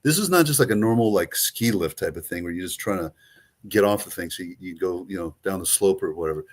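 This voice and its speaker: A man with a very low voice and a Greek accent talks through a travel itinerary in a loose, rambling way. He co-hosts a casual travel show and fills his sentences with ums and restarts. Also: animated, fast. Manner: rambling, many fillers and restarts. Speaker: co-host, travel agent. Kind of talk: casual chat.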